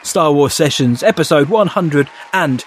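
A man's voice: a little high, expressive, a little slow, a little hiss or hum. Playful man hosting a podcast quiz. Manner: playful, teasing, laughs often. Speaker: podcast co-host. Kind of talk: casual podcast chat, quiz host.

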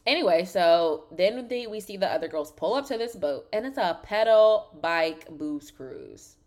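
Sassy, animated woman gossiping casually. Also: on the low side, a little slow. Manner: animated, sassy, heavy use of "like", swears freely. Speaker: podcast host recapping a reality show. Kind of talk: casual chat.

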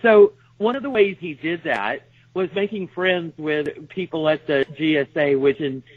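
A woman's voice: deep voice, unhurried, breathy edge, no echo. A woman with a Texas accent, a guest author telling her family's story in a chatty, self-deprecating way. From Texas, USA. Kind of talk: conversational interview. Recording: tinny phone line.

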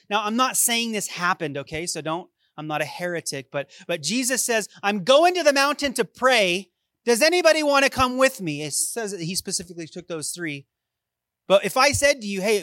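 Animated preacher, dry sound. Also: male voice, sits high, no room sound. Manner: animated preaching, swings from loud to hushed. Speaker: pastor. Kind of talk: sermon.

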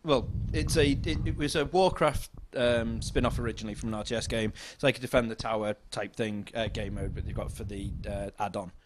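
A man's voice: lowish voice, brisk, few pauses, background noise. A man chatting casually on a podcast, earnestly explaining a game. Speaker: podcast co-host. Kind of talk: casual chat.

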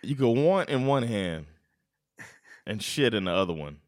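A man's voice: fairly low pitch, sing-song, a little slow, dry recording, studio quality. A man co-hosting a casual sports podcast, laid-back, swearing and laughing a lot. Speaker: podcast co-host.

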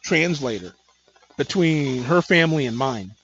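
A man's voice: medium pitch, expressive, unhurried, a bit bright, slightly rough. Chatty man host on a dull lo-fi line. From Midwest United States. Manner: chatty, rambling storyteller with many fillers. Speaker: podcast host. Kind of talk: casual interview chat.

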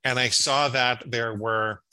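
Slow and fairly even in intonation, his medium-pitched voice is sharp yet clean, though the recording itself is poor. He's a psychologist in his fifties, interviewed as a guest, who tells explanatory stories with frequent restarts.

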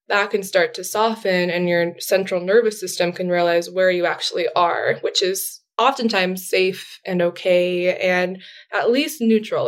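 A woman appears as a therapist guest in a casual interview, explaining things chattily with lots of fillers and light laughter. Her voice sits on the low side.

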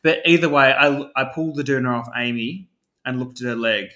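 A young man tells a rambling story in casual chat, full of fillers and swearing. His voice is bright and forward. The room around him sounds echoey. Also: medium pitch, fairly quick. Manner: animated, swearing, frequent "like" fillers.

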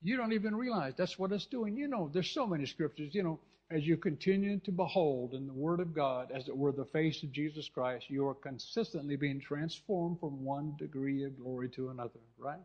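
Fervent preacher man, slightly high voice. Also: a little fast, hardly any pauses. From California. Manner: fervent, repetitive preaching with restarts and asides to the congregation. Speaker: pastor. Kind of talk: sermon. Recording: dull lo-fi recording.

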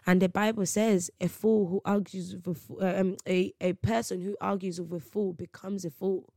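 A woman's voice: mid-range voice, little pitch movement, moderate pace, creaky, a little mellow, dry recording. A woman delivering an emphatic, slangy faith monologue on her podcast. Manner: emphatic, preachy, slangy storytelling. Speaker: podcast host.

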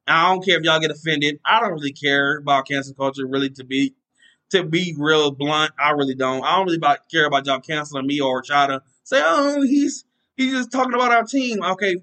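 Male solo podcast host, bright and forceful, slightly high, rambling and self-joking. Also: rough recording. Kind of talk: casual solo sports talk.

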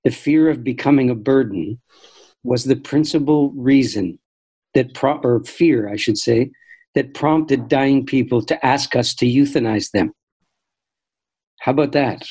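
An older man speaks as an interview guest in a warm, mellow voice at a mid pitch. He tells stories reflectively and measuredly, often restarting his sentences. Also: husky, poor audio. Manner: thoughtful, measured, frequent restarts. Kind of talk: reflective storytelling conversation.

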